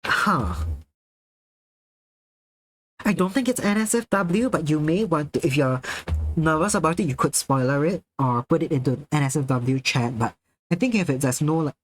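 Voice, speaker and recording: During a live stream, an excitable man reacts to viewer messages with frequent laughter and plenty of swearing in a casual chat. His voice is on the high side, and the recording is rough.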